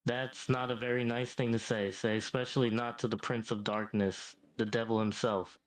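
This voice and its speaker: A man's voice: mid-range voice, flat delivery, normal speed, natural voice, low-quality recording. A synthetic male voice playing a smug, ancient devil who keeps calling people "mate". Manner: smug, says "mate" a lot. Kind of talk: AI chatbot role-play.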